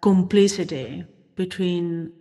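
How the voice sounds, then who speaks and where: A woman's voice: on the low side, takes it slowly, warm tone, long reverb tail. A woman interviewing, speaking hesitantly with many fillers.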